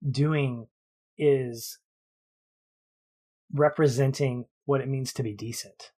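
A podcast co-host with a medium-pitched, slightly mellow voice talks casually about a film, building his points in long, thoughtful runs.

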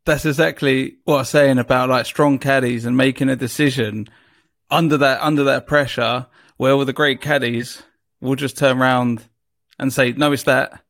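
A man's voice: medium pitch, fairly even intonation, moderate pace, creaky, fairly bright tone. A man co-hosting a podcast speaks up in casual conversation. He comes across as emphatic, building on what the guest has just said. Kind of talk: casual chat.

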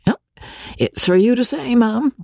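A woman's voice: on the high side, animated, a little slow, vocal fry, warm tone, dry recording, voice pushed up, full character voice. A woman voicing a hesitant, polite middle-aged small-town man in an audiobook, stammering over his words. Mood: deferential. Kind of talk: audiobook character voice.

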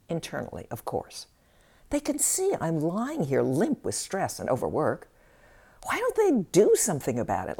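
Low, gravelly woman giving an expressive self-help talk. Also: moderate pace. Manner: expressive storytelling, wry. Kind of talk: scripted inspirational talk.

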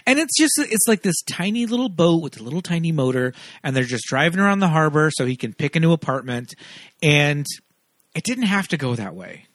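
A man's voice: a little high, big pitch swings, a little fast, fairly bright tone, dry recording, clean studio sound. A man co-hosting a podcast, talking about a movie in a casual, emphatic way with some swearing. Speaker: podcast co-host.

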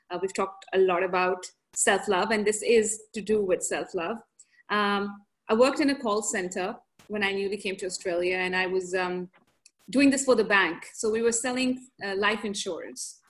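A woman with a shifting mixed accent, chatting as a podcast guest and telling animated stories, laughing often and acting out voices. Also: medium pitch. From grew up in several countries. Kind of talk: casual conversational storytelling.

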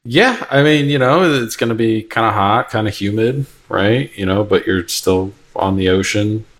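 A man's voice: lowish voice, normal speed, fairly bright tone. A man hosting a podcast, reading out brief, set questions to his guest. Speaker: podcast host.

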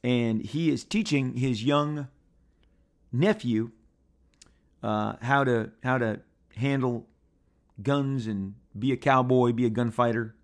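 A man's voice: medium pitch, slow, pauses often. A man reviewing comic books in a playful, rambling casual chat with frequent restarts.

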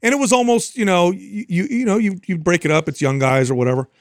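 A man co-hosting a podcast, bantering quickly and jumping in with questions and his own stories. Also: sits high, no echo, clean studio sound. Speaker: podcast co-host. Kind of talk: casual chat.

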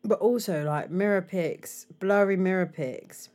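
A young woman co-hosting a casual podcast chat, animated and laughing as she acts out quotes. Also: mid-range voice, measured pace. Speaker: podcast co-host.

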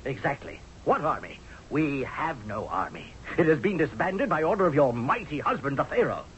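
A scornful Egyptian general. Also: male voice, on the high side, very animated, moderate pace, a little hiss or hum. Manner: sarcastic, forceful, pleading. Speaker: actor. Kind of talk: 1970s radio drama acting. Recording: dull lo-fi vintage radio broadcast.

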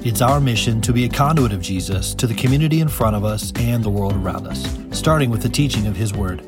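A man reading a scripted podcast introduction in a slow, measured way. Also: lowish voice, expressive. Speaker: podcast announcer. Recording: clear music bed underneath.

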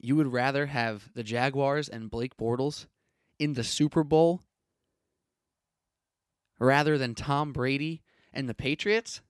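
A man's voice: medium pitch, clean tone, dry recording, clean studio sound. Opinionated man hosting a sports podcast. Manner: opinionated, punchy, rhetorical ranting. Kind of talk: solo sports podcast monologue.

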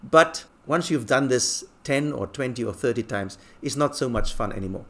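A man from England who lives abroad, telling relaxed, chuckling anecdotes in a casual monologue. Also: mid-range voice, normal speed. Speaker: expat talking about life abroad.

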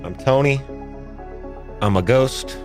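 A man's voice: medium pitch, takes it slowly, over music, close to an everyday voice. A man as a playful studio poltergeist. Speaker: producer.

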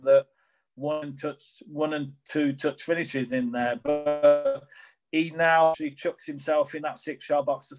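Middle-aged ex-footballer guy rambling along, slightly high voice, lots of you knows. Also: low-quality recording. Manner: rambling, many restarts and "you know". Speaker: former professional footballer guest. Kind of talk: casual interview answers.

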